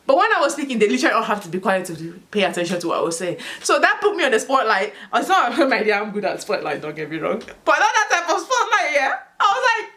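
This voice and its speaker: A medium-pitched woman from Africa talks fast with few pauses, vlogging casual school advice outdoors in the sunshine. She tells her stories animatedly, breaking into laughter often.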